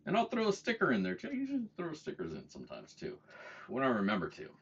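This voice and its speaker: A man's voice: medium pitch, wildly swooping pitch, quick pace, husky. A man hosting a casual livestream, talking in a profane, self-mocking way and chuckling at his own jokes. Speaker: livestream host. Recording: dull lo-fi stream audio, faint noise.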